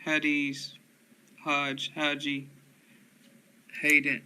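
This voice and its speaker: A man reading dictionary entries aloud, slowly and flatly, one word after another. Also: fairly high pitch, slight background noise, low-quality recording. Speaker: dictionary reader.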